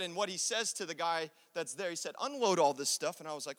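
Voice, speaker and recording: A young man preaching a sermon, telling a story about his father and acting out his dad's lines in a low gruff tone. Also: lively intonation, quick pace, hardly any pauses, a bit bright. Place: church. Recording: echoey church hall.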